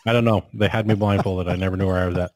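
A young man with a fairly low voice trades blunt, profane jokes as a co-host on a comedy podcast. His voice is close and dry. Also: fairly even intonation, racing, a little mellow, no room sound, low-quality recording. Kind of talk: casual comedic chat.

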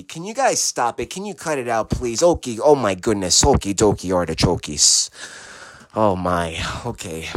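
A man's voice: mid-range voice, no echo. A man hosting a podcast in a rambling late-night monologue, giggly, profane and scattered, often breaking off mid-thought. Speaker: podcast host.

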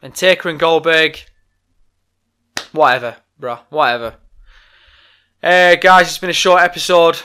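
Sweary man ranting, slightly high voice. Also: measured pace, long pauses, pushed and bright, clean tone. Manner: angry, sweary, blunt ranting. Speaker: podcast host. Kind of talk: solo wrestling podcast rant.

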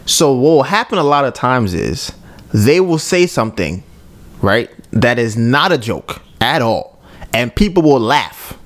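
Man, podcast host, casual storytelling, lively swooping pitch, laughs a lot. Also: a little slow, a little hiss or hum. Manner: animated storytelling, laughs often, keeps asking "right?".

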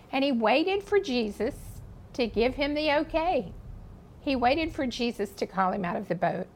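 A woman giving devotional Bible teaching, reading scripture and telling the story in an earnest, expressive way. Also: sits high, moderate pace, poor audio. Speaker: speaker teaching a Bible study.

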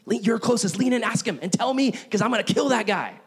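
A man's voice: very high-pitched, expressive, quick pace, husky, voice pushed up, full character voice. A man acting out a hotheaded, prideful male disciple who talks in an urgent, pushy, raised voice while telling a story in a sermon.

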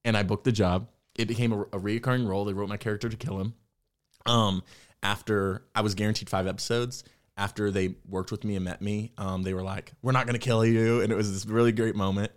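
A young man, an actor, talking candidly in an interview, telling his story in a reflective, animated way. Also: lowish voice, fairly quick. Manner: candid, reflective, animated when quoting himself. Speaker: actor and podcast guest.

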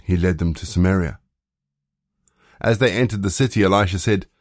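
A man narrating a Bible story in a steady, even reading voice. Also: on the low side, fairly quick, no echo, clean studio sound. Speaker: scripture reader.

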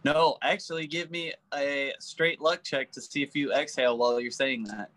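A man acting as game master in a tabletop game, making relaxed, joking rulings for the players. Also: medium pitch, moderate pace.

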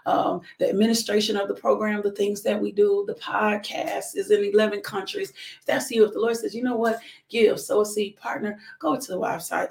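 A woman's voice: mid-range voice, vocal fry, darkish tone, echoey room. A woman ministry leader, fervently hosting a morning devotional and talking straight to her viewers. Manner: fervent, preachy, calls out to viewers.

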